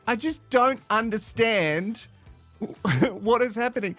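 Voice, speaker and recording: A man's voice: very high-pitched, big pitch swings, slow, fairly bright tone, no room sound, soft background music. A man hosting a live reality-show recap, swearing, sarcastic and laughing often. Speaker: host.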